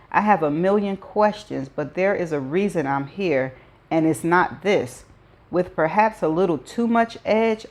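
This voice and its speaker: Low-voiced woman reading a novel aloud. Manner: adds her own chatty asides. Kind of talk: first-person novel read-aloud.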